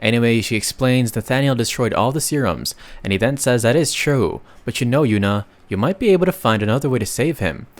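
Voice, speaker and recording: A man narrating a comic recap in a casual, chatty way, with sudden loud bursts and slangy asides. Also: medium pitch, expressive, fairly quick, hardly any pauses.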